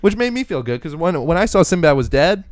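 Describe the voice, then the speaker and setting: A man co-hosting a casual, crude podcast, telling stories with animated energy and acting out other people's voices. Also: a little high, fast, no echo, clean studio sound. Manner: animated storyteller who acts out quoted voices and laughs. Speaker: podcast co-host. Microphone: studio microphone.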